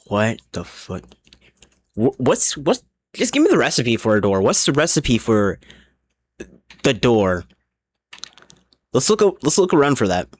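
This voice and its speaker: A man's voice: medium pitch, huge pitch swings, a little slow, pauses often, no echo, clean studio sound. A man streaming a game live, rambling along as he plays, often restarting his sentences and swearing, and a little drunk. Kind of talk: casual live gaming commentary.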